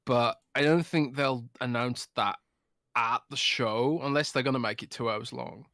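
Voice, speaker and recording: A man's voice: mid-range voice, unhurried, gravelly, pushed and bright, no room sound, studio quality. A man co-hosting a casual podcast chat, drunk and slurring his words, talking in a loose, rambling, sweary way. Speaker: podcast co-host.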